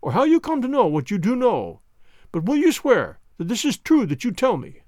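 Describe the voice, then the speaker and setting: A man's voice: high voice, very animated, normal speed, no room sound, studio quality. A man reading an audiobook, voicing a bitter, hunched old ex-soldier who talks in agitated outbursts.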